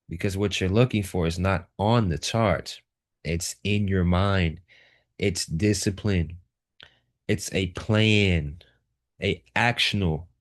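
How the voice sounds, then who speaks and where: A man teaching a live trading lesson, walking through charts and driving points home by repeating key words. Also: low-pitched. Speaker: trading instructor.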